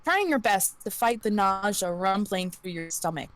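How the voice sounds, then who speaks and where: A woman's voice: medium pitch, expressive, normal speed, a bit bright, dry recording. A woman narrating an interactive story game on a live stream, giggling and stumbling over words as she reads. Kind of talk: reading interactive fiction aloud on a live stream.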